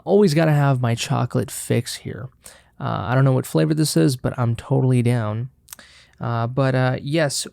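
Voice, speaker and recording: A man with a gravelly, creaky edge to his voice hosts a laid-back solo podcast. He rambles with jokes and swears, and stops to suck and chew chocolate right into the mic. The sound is dry and close, with no room echo. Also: medium pitch, darkish tone. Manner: loose, profane, joking, chews and sucks chocolate on mic. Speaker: podcast host. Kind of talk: casual solo podcast chat with eating sounds.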